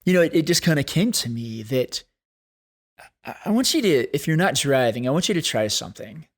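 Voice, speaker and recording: A man hosting a solo podcast, talking in an earnest, thoughtful way and slowing down to stress key points. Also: a little high, very animated. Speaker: podcast host. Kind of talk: reflective solo podcast talk.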